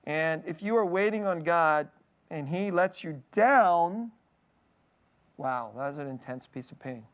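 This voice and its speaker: A male pastor preaching a conversational sermon in a candid, personal way, often breaking off to restart a thought and checking in with a quick "okay?". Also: on the high side, expressive, clear, resonant tone. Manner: halting, restarting phrases mid-thought.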